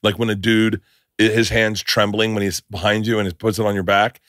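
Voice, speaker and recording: A man's voice: lowish voice, a little fast, no room sound, clean studio sound. A middle-aged man hosting a podcast, telling stories in a casual chat and laughing often. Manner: animated storyteller, laughs a lot. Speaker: podcast host.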